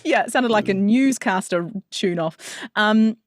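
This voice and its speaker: A woman with a New Zealand accent hosting a casual podcast chat, bubbly and quick to laugh at herself. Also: medium pitch, no room sound, clean studio sound. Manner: bubbly, giggly, self-mocking. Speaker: podcast host.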